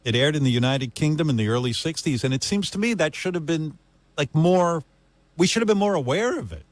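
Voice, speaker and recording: A man's voice: fairly high pitch, lively intonation, a little fast, dry recording. A man hosting a radio talk show, rambling in casual banter. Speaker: radio host.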